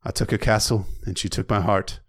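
A man voicing a young male king who speaks in a solemn, quiet, halting way, in a deadpan book recap. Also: fairly low pitch, no echo, clean studio sound, lightly acted. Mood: earnest.

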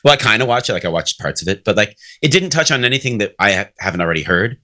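Male podcast co-host, bright and punchy, sarcastic, swears, casual banter. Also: lowish voice, lively intonation, rapid-fire. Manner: joking, sarcastic, swears freely. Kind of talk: casual chat.

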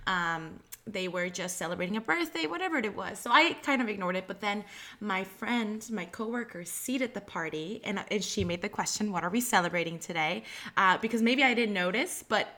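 Woman guest, bright, sharp voice, hesitant and chatty storyteller. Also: mid-range voice, expressive, normal speed. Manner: chatty, hesitant with many fillers. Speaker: guest, former restaurant host at a theme park. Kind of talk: casual anecdotal conversation.

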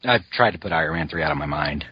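Guy rambling on a podcast, husky scratchy voice, dry close sound, kinda lo-fi. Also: a bass voice, lively intonation, fast, no echo. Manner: rambling, many fillers and restarts. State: scratchy throat, clearing it often. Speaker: podcast host reviewing a cartoon. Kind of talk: casual chat.

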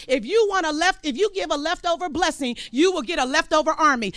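A woman preaching a sermon, with call-and-response phrases and sudden loud emphasis. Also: sits high, moderate pace, hardly any pauses, no room sound, clean studio sound.

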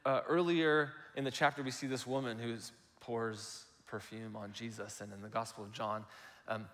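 A man's voice: mid-range voice, fairly even intonation, moderate pace, fairly bright tone, long reverb tail. A male pastor giving a conversational, explanatory sermon.

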